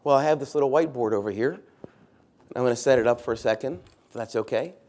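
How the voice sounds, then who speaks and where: A pastor preaches to his church in a mid-pitched male voice. He leans on key words and repeats them for emphasis. He keeps asking the congregation questions as he goes. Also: fast talker, darkish tone. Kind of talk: sermon.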